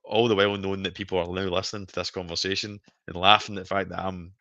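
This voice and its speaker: A man's voice: sits low, level tone, fast talker, sharp tone, no echo, dull audio. A Scottish man in his thirties hosting a casual live stream chat, telling stories animatedly and laughing often. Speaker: stream host.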